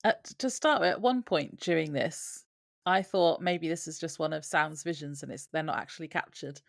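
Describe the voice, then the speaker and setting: A woman's voice: sits low, normal speed, vocal fry, no room sound, studio quality. A woman co-hosting a podcast, chatting casually and mostly chiming in with short agreements. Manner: brief agreeing replies, laughs along. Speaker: podcast co-host. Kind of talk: casual chat.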